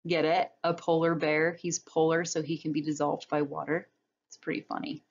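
A woman's voice: low-pitched, little pitch movement, normal speed, gravelly, dull audio. A woman biology instructor giving a recorded lecture over slides, explaining step by step in a conversational way. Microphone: webcam or computer mic on a talking-head recording.

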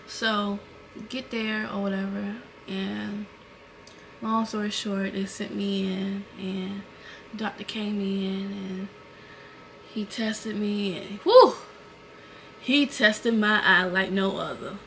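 A woman's voice: medium pitch, slow, vocal fry, background noise. Emotional young woman vlogger. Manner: emotional, animated retelling with fillers. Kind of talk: casual storytelling to camera.

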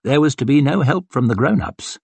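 Husky, expressive male audiobook narrator. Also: mid-range voice, brisk, no echo. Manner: dramatic, expressive storytelling.

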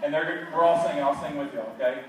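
A man's voice: a little high, racing. A man, playfully coaxing and joking with a crowd as he leads the gathering. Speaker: event leader addressing a crowd. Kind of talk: casual crowd address. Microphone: phone camera, from a distance. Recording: very echoey phone recording from far off.

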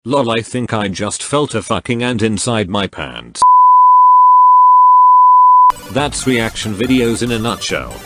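Male YouTuber, mocking reaction commentary, crude and foul-mouthed, lowish voice, music bed underneath. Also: animated, moderate pace. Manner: crude, sarcastic ranting with heavy swearing. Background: background music.

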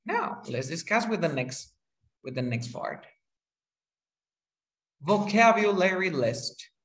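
Man, tutor, slightly high-pitched, patient, repeats words, one-on-one lesson. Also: sing-song, a bit bright. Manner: patient, repeats each word slowly. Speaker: English tutor.

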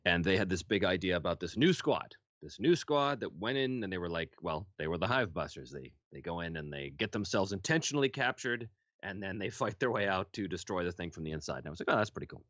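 A man's voice: deep voice, animated, fast, fairly bright tone, dry recording, lo-fi sound. A man, a voice actor, chatting in an interview and laughing between his anecdotes. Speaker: voice actor guest. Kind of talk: casual interview storytelling.

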